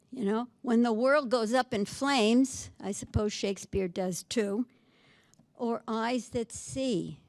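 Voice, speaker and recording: A woman giving a poetry lecture, reading verse slowly and with emphasis, then asking her listeners questions. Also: a little high, a little mellow, no room sound.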